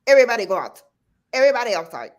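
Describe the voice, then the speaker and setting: A woman doing a bossy Caribbean grandma, high and loud. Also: very animated, rapid-fire, muffled recording, background noise. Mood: bossy commanding. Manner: loud, clipped, commanding calls. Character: bossy older Caribbean grandmother herding kids outside.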